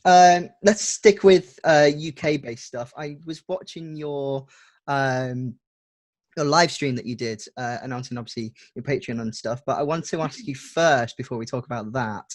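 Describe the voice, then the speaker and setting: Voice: mid-range voice, normal speed, no room sound. A podcast host from the Wirral, asking playful, teasing questions with lots of "um"s. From the Wirral, England. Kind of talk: casual interview.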